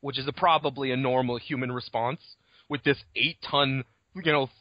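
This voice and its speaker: A man co-hosting a casual book podcast, retelling the story in an animated way, swearing freely and laughing often. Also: medium pitch, moderate pace, dry recording. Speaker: podcast co-host. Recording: dull lo-fi dry recording.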